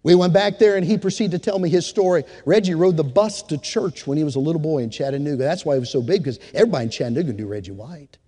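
Preacher guy, high voice, telling a story then getting all fired up, big echoey church. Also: fast, few pauses. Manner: animated preacher, rises to fervent exhortation. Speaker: pastor. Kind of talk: sermon with storytelling.

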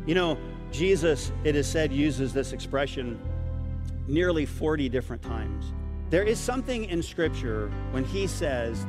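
A man's voice: mid-range voice, lively intonation, normal speed, big-room sound, over music. A man preaching a sermon in an emphatic, dramatic way, with big swings in volume.

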